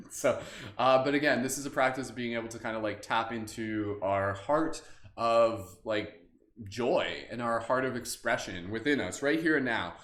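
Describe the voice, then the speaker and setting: A man's voice: fairly low pitch, a bit bright. Man guiding meditation in an echoey room. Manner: loose, rambling, slips into silly asides. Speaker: meditation host. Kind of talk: live-streamed guided meditation. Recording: roomy echo.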